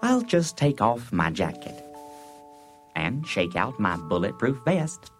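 A man's voice: mid-range voice, very animated, takes it slowly, faint music behind. A man playing a president as a children's-show host, talking down as to children in a sing-song way. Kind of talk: comedy sketch record.

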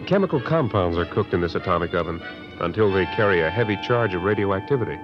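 A man's voice: sits low, expressive, fast talker. A man explaining laboratory work formally in a 1950s educational film. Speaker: lab scientist explaining equipment. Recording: dull lo-fi old film soundtrack with music.

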